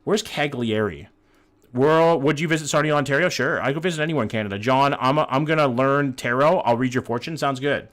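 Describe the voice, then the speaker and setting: A man streaming a map-guessing game in casual chat, reading viewer messages aloud, joking and swearing freely, with bursts of excited hype between calmer guessing. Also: mid-range voice, fairly quick.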